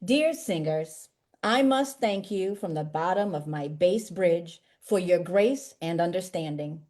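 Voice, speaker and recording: A woman's voice: on the low side, expressive, measured pace, darkish tone. A woman voicing a sweet old male rehearsal piano with a Brooklyn accent, reading a grateful poem written as a letter. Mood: fond, grateful.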